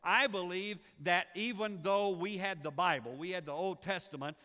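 A man preaching a sermon as pastor, animated and repeating words as he builds each point. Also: high-pitched, moderate pace. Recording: long hall reverb.

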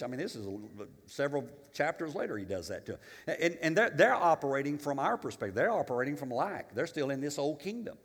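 A male pastor preaching a sermon, animated and emphatic, with humorous asides and storytelling. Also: fairly high pitch, fast, few pauses, long reverb tail.

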